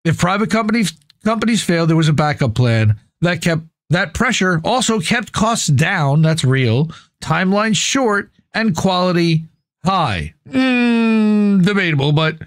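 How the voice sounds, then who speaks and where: Man, podcast host, fairly high voice, dry close sound, blunt, opinionated, reads an article and comments. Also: lively intonation, a little slow, no echo. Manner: blunt, opinionated, swears casually. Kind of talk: reading an article aloud with running commentary.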